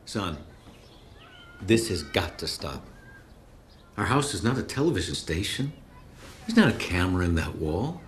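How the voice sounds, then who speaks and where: A stern father from a film drama, firm and lecturing, drawing out his words for weight. His voice sits fairly low and swings widely in pitch as he scolds. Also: big pitch swings, slight background noise. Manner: firm, lecturing, slows down for emphasis.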